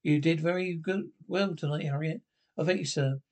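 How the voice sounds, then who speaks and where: A man with a gravelly voice speaking fussy, flustered dialogue in a 1970s period film comedy. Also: a little high, moderate pace.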